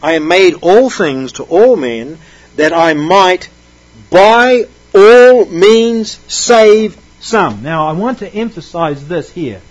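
A man's voice: sits high, animated, slow pace, rough recording. A man preaching a sermon, reading scripture aloud and explaining it with emphatic stresses.

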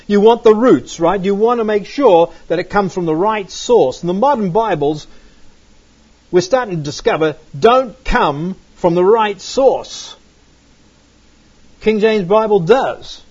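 A man with a slightly high, husky voice lecturing on scripture to a class, leaning hard on key words and tagging questions like "right?" onto his points. The recording is muffled and lo-fi. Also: darkish tone. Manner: emphatic, repeats words for stress, asks "right?" and "okay?". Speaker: Bible teacher. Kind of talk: classroom-style lecture with slides.

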